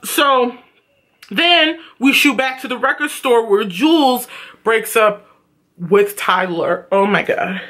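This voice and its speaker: A woman reviewing a TV episode in a casual vlog, blunt and profane, with a flat tone that can sound sarcastic. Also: a little high, takes it slowly. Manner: blunt and profane, animated retelling.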